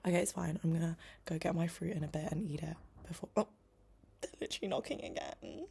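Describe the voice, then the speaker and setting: A young woman talks to camera in a loose, rambling vlog, full of fillers and restarts. Her voice sits slightly low and has a gravelly, fry-laden edge. At times she sinks into a soft whisper, as if keeping quiet at home. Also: fast. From United Kingdom. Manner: chatty, rambling, often drops to a whisper; many "like" fillers, self-interrupting. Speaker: vlogger. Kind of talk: casual vlog chat.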